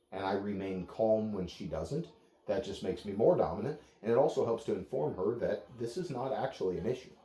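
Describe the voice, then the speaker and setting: A man working as a dog trainer, explaining to clients in a calm, steady, plain-spoken way. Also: on the low side, reverberant.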